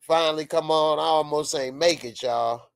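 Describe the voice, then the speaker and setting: A man giving a casual, excitable reaction to a TV episode as the channel's host, laughing often and sometimes rising to shouts. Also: a little high, moderate pace, smooth, no echo, clean studio sound. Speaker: TV show reviewer.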